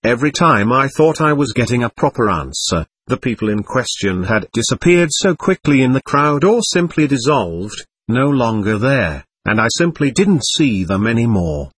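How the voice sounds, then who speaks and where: A man's voice: medium pitch, sing-song, normal speed, hardly any pauses, a bit bright, breathy edge, dry recording. A man reading a first-person story aloud in a plaintive, earnest way. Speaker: narrator.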